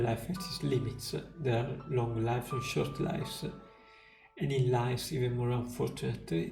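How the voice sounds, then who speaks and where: A man streamer reading game story text aloud in a slow, somber way. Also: mid-range voice, gravelly. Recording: roomy room, faint music.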